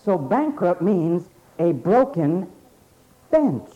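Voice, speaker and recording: A man preaching a sermon emphatically, repeating phrases and pausing for effect. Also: sits high, very animated. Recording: dull lo-fi sermon recording.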